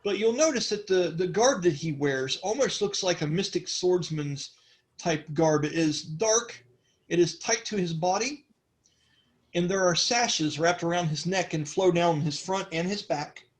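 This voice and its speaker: A man's voice: sits high, a little slow. A man narrating a tabletop game as game master, rambling with many fillers.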